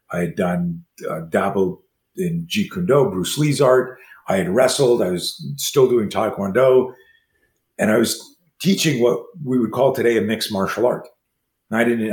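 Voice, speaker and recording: A man in his sixties who teaches martial arts, telling stories as an interview guest and acting out the dialogue in quick, animated bursts. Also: fairly low pitch. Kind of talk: storytelling in a conversation. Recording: roomy echo.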